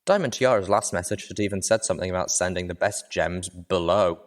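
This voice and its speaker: A man narrating a fan audiobook reading with steady storytelling. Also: deep voice, a little fast.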